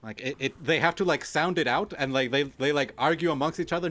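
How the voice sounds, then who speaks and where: A man's voice: a little high, brisk, a bit bright. A young man running a tabletop game as game master, talking loosely with many fillers and restarts.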